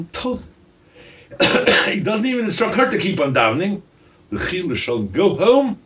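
Animated male preacher, distant mic. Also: high voice, a little slow. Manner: animated, rhetorical questions to the crowd. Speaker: rabbi. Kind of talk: sermon.

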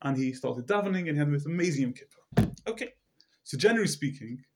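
A man's voice: on the high side, animated, quick pace, noisy background. A man teaching a Torah class, telling a story with repeated words and frequent fillers. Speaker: religious teacher.

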